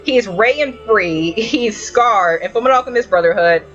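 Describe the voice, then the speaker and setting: A woman's voice: mid-range voice, normal speed, dull audio, soft background music. A woman hosting a casual anime review podcast, telling stories with a lot of swearing and laughter. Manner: animated storytelling, frequent swearing and laughter.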